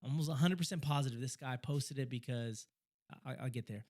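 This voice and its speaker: During an easygoing podcast chat, the young co-host launches into a story, his mid-range voice racing along eagerly as he fumbles and repeats words.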